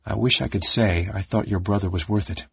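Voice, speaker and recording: A man voicing a stern older male mage who speaks softly, gravely and with command. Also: on the low side, fairly even intonation, brisk, no echo, full character voice. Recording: dull lo-fi audiobook recording.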